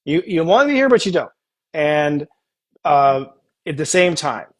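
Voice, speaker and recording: A man hosting a casual spiritual coaching chat, animated and acting out tender inner dialogues. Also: on the high side, measured pace. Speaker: astrologer host.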